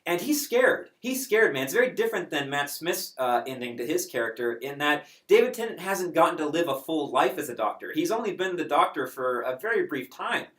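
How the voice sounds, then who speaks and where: A man chatting casually as a reviewer, animated and emotional, with many fillers. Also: on the high side, a little fast, few pauses, echoey room.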